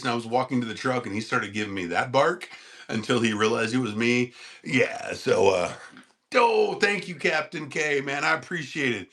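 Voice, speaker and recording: A man hosting a casual livestream, rambling and laughing as he answers chat and talks to his dog in a high sing-song voice. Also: a bit bright.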